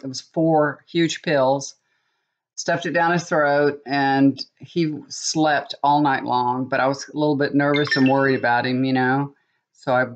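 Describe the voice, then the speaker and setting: A woman's voice: low voice, highs cut off. A middle-aged woman, chatting casually to her viewers and telling a story, often repeating phrases for emphasis. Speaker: tarot reader and vlogger. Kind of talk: casual chat to camera.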